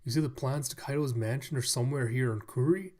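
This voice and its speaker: A man's voice: mid-range voice, a little fast, darkish tone, natural voice. A man voicing an earnest male samurai leader who speaks formally and gives orders.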